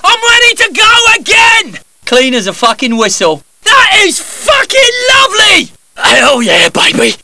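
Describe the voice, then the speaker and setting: A man's voice: very high voice, huge pitch swings, unhurried, gravelly, sharp tone, raised voice, a little hiss or hum, heavily acted. An actor voicing a brash, foul-mouthed male heist gunman in game voice lines, crude and rallying his crew. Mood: hyped. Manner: crude, swearing, cheering teammates on.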